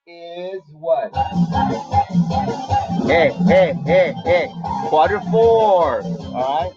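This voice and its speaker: A man's voice: a little high, dull audio. A man teaching a math lesson to a class online in a casual, friendly way, calling on students by name.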